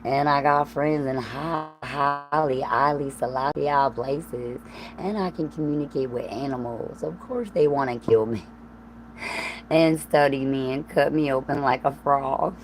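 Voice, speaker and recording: A woman's voice: sits low, moderate pace, slight background noise, rough recording. A woman with a Southern US accent hosting a livestream, rambling in a profane, stream-of-consciousness monologue with laughing asides. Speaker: livestream host.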